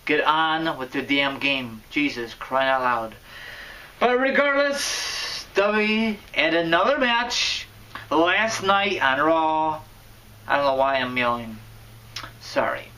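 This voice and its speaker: A man giving casual wrestling vlog commentary, rambling and correcting himself, with sudden loud bursts. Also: medium pitch, recorded from a distance, low-quality recording. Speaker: wrestling vlogger.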